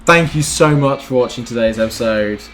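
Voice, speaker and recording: A man doing let's-play commentary on a football management game, talking to the players on screen and cheering loudly at big moments. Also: mid-range voice, moderate pace, faint music behind. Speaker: gaming YouTuber.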